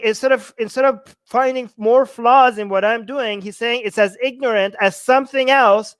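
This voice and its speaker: A man's voice: sits high, fairly bright tone, no echo. A man hosting a livestream, reacting in heated rants full of rhetorical questions. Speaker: channel host.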